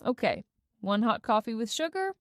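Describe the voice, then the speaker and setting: A woman reading a polite male barista in a learner storybook, brisk, dry close sound. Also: very high-pitched, big pitch swings, a bit bright, no echo, full character voice. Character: polite male coffee shop worker.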